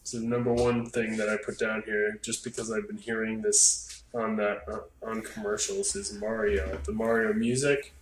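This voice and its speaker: A man co-hosting a casual podcast chat, animated and quick to imitate sounds. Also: lowish voice. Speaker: podcast co-host. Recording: roomy with faint noise.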